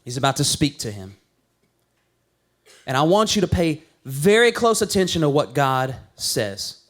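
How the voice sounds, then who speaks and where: A man with a high voice preaches a sermon in a relaxed, conversational way. He tells stories with a light, playful touch, like he's chatting with his congregation. He sounds like a pastor in his thirties. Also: unhurried. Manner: conversational, playful storytelling with acted quotes.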